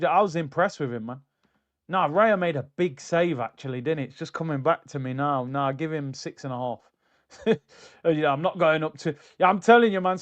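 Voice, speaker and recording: A man hosting a casual football livestream, talking in an animated, chatty way and answering comments from his chat. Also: on the high side, dull audio. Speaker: football streamer.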